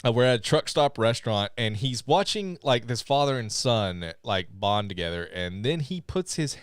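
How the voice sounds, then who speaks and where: A man co-hosting a casual livestreamed movie review podcast, breaking into laughter often and talking excitably. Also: mid-range voice, normal speed, dry recording, studio quality. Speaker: podcast co-host.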